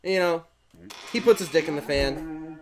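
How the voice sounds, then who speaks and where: A man's voice: a little high, a little slow, darkish tone. A young man telling a long, rambling story while playing a game with a friend, often breaking off mid-sentence. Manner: rambling, self-interrupting anecdote. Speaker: gaming co-host telling a story. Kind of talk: casual storytelling over gameplay.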